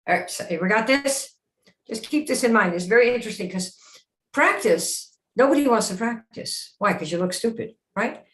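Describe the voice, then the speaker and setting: A woman hosts a live coaching stream, pressing each point with emphatic rhetorical questions. Her voice sits in a middle pitch. It rings in a roomy, echoing space. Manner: dramatic, slips into acted voices. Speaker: host of a sales coaching live show. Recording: roomy echo.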